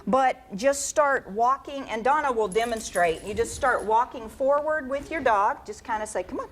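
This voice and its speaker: Calm instructive woman dog trainer. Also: fairly high pitch, moderate pace. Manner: calm, instructive, warmly coaching. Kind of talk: explaining on a TV show. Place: TV studio.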